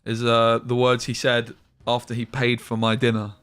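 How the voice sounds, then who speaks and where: With faint music playing behind him, a young man streams a game and chats casually, telling rambling tales with slang and the odd swear word. His medium-pitched voice is smooth and a bit bright, delivered in a monotone at a moderate pace.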